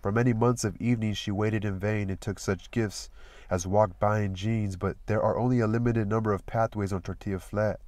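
A man reading a novel aloud as narrator, in a steady, measured storytelling manner. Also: on the low side, no echo. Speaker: audiobook reader.

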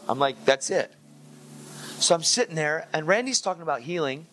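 A man preaching an energetic sermon, telling his testimony in a casual way, full of "dude" and "like" and acted-out dialogue. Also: fairly high pitch, normal speed, a little hiss or hum.

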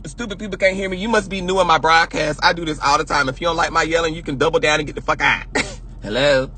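A man hosting a casual livestream rant, loud and projecting, sassy and profane, laughing often. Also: fairly high pitch, fairly even intonation, fast talker, slight background noise. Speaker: livestream host.

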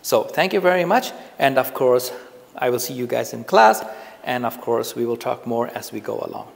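Gravelly man teaching in a reverberant room. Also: mid-range voice, moderate pace. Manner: relaxed, conversational, repeats phrases for emphasis. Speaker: public speaking teacher. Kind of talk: casual on-camera lesson. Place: indoors, filming himself on camera. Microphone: camera mic, speaking to camera.

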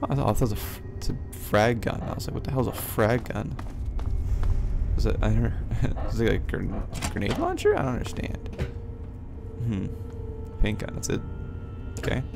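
A man's voice: fairly low pitch, big pitch swings, moderate pace, creaky, pauses often. A man giving rambling let's play commentary, swearing and breaking into jumpy outbursts, with game music behind him. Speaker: gameplay commentator.

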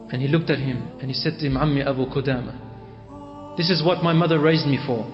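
A man's voice: medium pitch, fairly even intonation, a little fast. A male preacher dramatically retelling a religious story, voicing its people in quoted speech and mixing in Arabic phrases. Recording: echoey hall, dull lo-fi sound, faint music.

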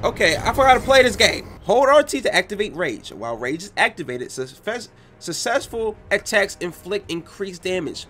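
Excitable slangy young gamer guy. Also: high voice, moderate pace. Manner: excitable, slangy, bursts into loud yells. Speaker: gaming YouTuber. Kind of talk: excited gameplay commentary.

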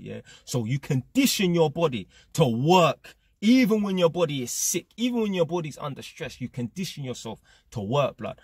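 A young man with a London accent delivers a blunt, slang-heavy motivational rant to his viewers. His voice is husky and a touch rough, and it sounds close and dry, with no room around it. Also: mid-range voice, no room sound. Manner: London slang, blunt and emphatic, repeats "blood" and "fam". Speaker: vlogger. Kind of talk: casual motivational monologue to camera.

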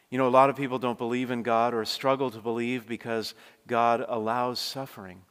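A man preaching a sermon as pastor, earnest, moving between hushed passages and forceful climaxes. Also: medium pitch. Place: church. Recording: church hall reverb.

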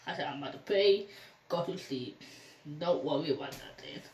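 A woman's voice: sits low, expressive, moderate pace, darkish tone, far from the mic, a little hiss or hum. A young woman recounts a story for her vlog, her voice rising and falling a lot as she plays out each quoted call. She sits some way from the camera mic, and the room echoes around her. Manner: rambling retelling, acting out quoted phone calls. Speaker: vlogger.

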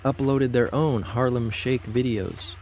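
A man giving scripted documentary narration in a measured, critical way. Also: mid-range voice, over music.

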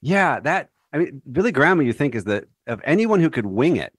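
A man's voice: on the high side, big pitch swings, a little fast, dry recording, clean studio sound. A man speaking as an author guest in a faith radio interview, earnest and thoughtful, sometimes restarting his phrases.

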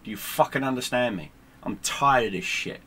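A man's voice: medium pitch, moderate pace, a bit bright. A man, a gaming streamer, ranting to camera in a sarcastic, combative way with heavy swearing. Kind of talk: profane angry rant to camera.

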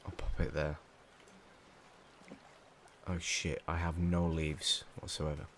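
A man's voice: very deep voice, little pitch movement, takes it slowly, a bit bright, a little hiss or hum. A young English man commentating his game play from a small room at home, jumpy, panicky and swearing a lot. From England. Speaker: gamer.

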